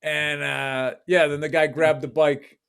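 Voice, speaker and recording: A middle-aged man co-hosting a podcast, telling animated, profane childhood stories in casual chat. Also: fairly high pitch, measured pace, vocal fry, clean tone. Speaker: podcast co-host.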